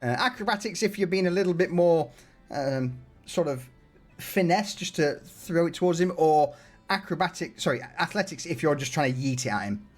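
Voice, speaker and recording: A man running a tabletop game as game master, laughing often and talking in quick asides. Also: on the high side, lively intonation, soft background music.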